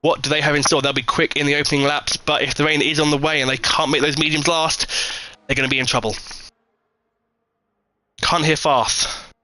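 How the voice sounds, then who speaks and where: A man's voice: fairly high pitch, flat delivery, a little fast, long pauses, sharp tone, no echo, rough recording. A British man commentating a live online racing league, chatty and full of fillers and restarts. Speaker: esports race commentator.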